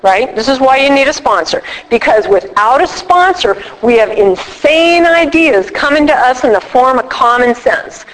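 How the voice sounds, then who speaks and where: A middle-aged woman giving a recovery workshop talk, an animated storyteller who acts out both sides of her conversations. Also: high-pitched, moderate pace, hardly any pauses. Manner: animated storyteller acting out dialogue. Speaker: workshop speaker. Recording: reverberant hall.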